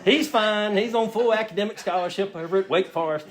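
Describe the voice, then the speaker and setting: High-voiced man telling a funny story. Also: brisk. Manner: storytelling, acts out his own quotes in a raised voice. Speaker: recovery meeting speaker. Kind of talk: humorous personal story told to an audience. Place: meeting room with a live audience. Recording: audience laughter in the room.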